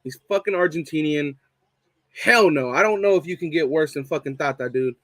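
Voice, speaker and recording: A man's voice: fairly high pitch, lively intonation, brisk, a bit bright, no room sound. A young man hosting a casual live fan stream, swearing a lot and repeating his points for emphasis. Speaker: fan show host reading live chat.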